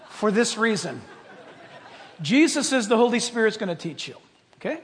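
A man preaching a sermon as a pastor, playful and animated, dropping to hushed asides and rising to shouts. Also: high voice, moderate pace, pauses often. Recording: long hall reverb.

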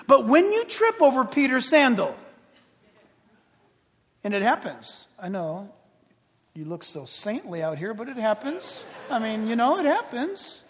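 A man preaching a sermon in an animated, joking style, full of rhetorical questions to the congregation. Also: extremely high pitch, a little slow, long pauses, long reverb tail.

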